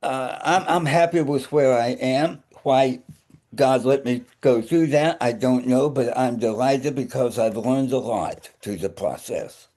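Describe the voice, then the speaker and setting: An older man with a slight speech impediment, a minister telling stories on a radio show in a wry, deadpan way. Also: medium pitch, a little slow. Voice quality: slight speech impediment after tongue surgery. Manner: wry storyteller, deadpan humor. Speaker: minister and guest.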